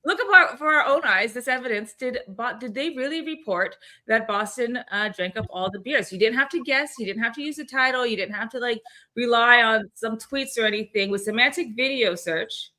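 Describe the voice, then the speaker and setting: A woman's voice: on the high side, a little fast, pushed and bright. A woman co-hosting a weekly community call in casual, bubbly chat, laughing often and swearing now and then.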